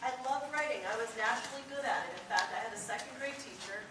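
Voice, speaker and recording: A woman giving a live motivational talk to a student audience, telling lively stories and joking with the crowd. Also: on the high side, fast. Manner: lively storyteller, jokes with the crowd. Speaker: motivational speaker. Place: large hall with an audience. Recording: echoey hall from far off, noisy.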